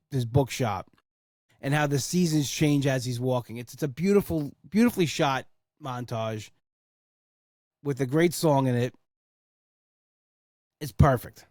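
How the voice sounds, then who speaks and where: A man's voice: mid-range voice, a little slow, long pauses, darkish tone, dry recording, clean studio sound. A young man hosting a casual solo podcast, rambling with enthusiasm and swearing for emphasis. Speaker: podcast host.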